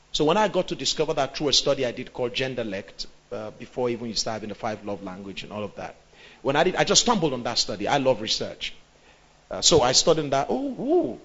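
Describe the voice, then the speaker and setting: A middle-aged man with a Nigerian accent, a pastor preaching about marriage in a lively way, acting out quotes and asking the audience questions. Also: a little high. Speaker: pastor and relationship coach. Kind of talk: sermon on marriage. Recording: dull lo-fi sound.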